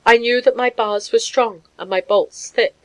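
A woman giving a measured, scripted narration of a story. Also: a little high, steady tone, poor audio. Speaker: audiobook narrator.

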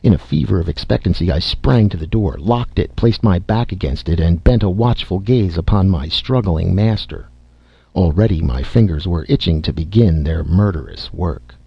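A man narrating a story in a measured, dramatic reading style, in a slightly dull lo-fi recording. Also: low-pitched, animated, gravelly, husky, no room sound.

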